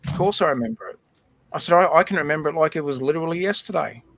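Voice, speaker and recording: A man's voice: fairly high pitch, expressive, rapid-fire, gravelly, fairly bright tone. A man hosting a livestream, telling a personal memory in casual chat and often repeating words. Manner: emotional storytelling, repeats words. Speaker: livestream host.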